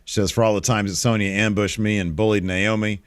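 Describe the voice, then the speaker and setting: Guy with a really deep voice chatting about wrestling, dry close mic, laid back with lots of uhs. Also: a little fast, no room sound. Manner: relaxed, frequent uh fillers and mm-hmm backchannels. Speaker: wrestling podcast co-host. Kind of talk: casual recap chat.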